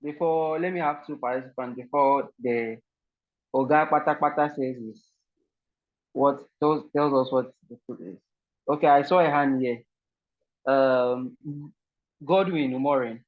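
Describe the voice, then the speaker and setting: A man's voice: medium pitch, unhurried, long pauses, phone-quality sound. A man hosting an online team game over a video call, polite and full of fillers and repeated words. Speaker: online session host.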